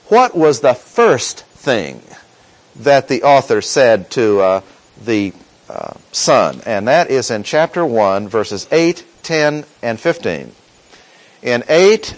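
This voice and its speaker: A man preaching a sermon to a congregation, slowing to stress quoted verses and asking the listeners questions. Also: medium pitch, low-quality recording.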